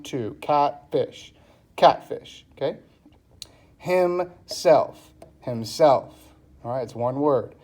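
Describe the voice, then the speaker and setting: A man's voice: fairly high pitch, darkish tone. A man teaching a phonics lesson online. He sounds out words syllable by syllable and keeps checking in with "okay, guys?".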